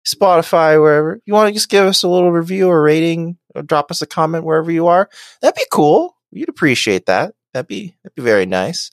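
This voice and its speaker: A male podcast co-host chatting casually, quick to laugh and throw in animated asides. His pitch swings up and down a lot as he talks. The sound is dry and close, with no room echo. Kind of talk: casual chat.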